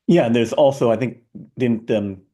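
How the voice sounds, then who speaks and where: A man's voice: mid-range voice, normal speed, dark tone. A man co-hosting a casual tech discussion, thinking aloud with many fillers and restarts. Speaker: podcast co-host. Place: San Francisco area.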